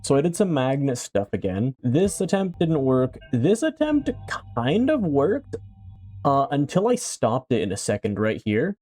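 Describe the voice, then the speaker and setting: Man from canada, game commentary, lively swooping pitch, mellow tone, faint music behind. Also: unhurried. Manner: playful, excitable, often laughing and shifting pitch. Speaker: game YouTuber. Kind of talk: casual gameplay commentary.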